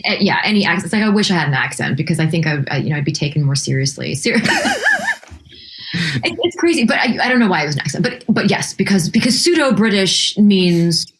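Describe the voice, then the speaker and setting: Woman guest composer, lowish voice, animated and chatty, lots of restarts. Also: fast, slight background noise. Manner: animated, chatty, laughs often, many restarts. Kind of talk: casual interview chat.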